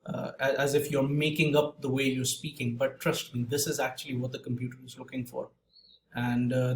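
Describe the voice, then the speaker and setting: A man's voice: mid-range voice, a little mellow. A man working as an exam trainer, giving an explanatory lesson with many fillers and restarts. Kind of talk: instructional talk to camera. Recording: roomy echo, faint background hiss.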